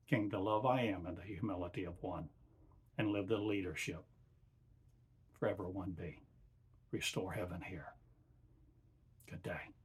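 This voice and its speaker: A man delivering a channeled spiritual address as a teacher, his voice low and deeply breathy. He moves at an unhurried crawl through short, halting phrases. Many of them fade off softly at the end.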